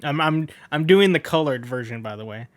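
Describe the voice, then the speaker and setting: This man has a slightly high, expressive voice, speaking fairly quickly with no room sound. He reads a manga aloud in a casual read-along, chatting about the pages and laughing at his slips as he corrects himself.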